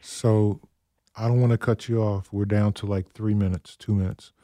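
A man hosting a radio interview, asking polite, soft-spoken questions. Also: fairly low pitch, level tone, moderate pace, no room sound, clean studio sound. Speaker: radio host.

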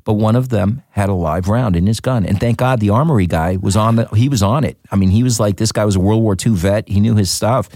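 A man's voice: fairly low pitch, fairly quick, few pauses, no room sound, studio quality. A man, an actor, chatting casually in an interview and telling stories with lots of fillers. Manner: animated, storytelling with many fillers. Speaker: actor guest.

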